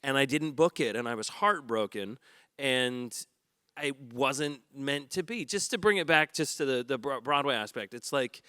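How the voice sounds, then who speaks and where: Earnest man with a smooth, clear voice. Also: mid-range voice, moderate pace, bright, forceful tone, dry recording, studio quality. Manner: earnest and reflective, frequent restarts. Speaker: stage actor on a panel. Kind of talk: panel discussion.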